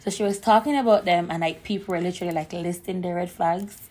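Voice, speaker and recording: A woman co-hosting a podcast in casual chat, her voice hoarse from shouting, telling stories with lots of fillers. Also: on the low side, fast. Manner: chatty, animated storyteller with frequent fillers. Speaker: podcast co-host.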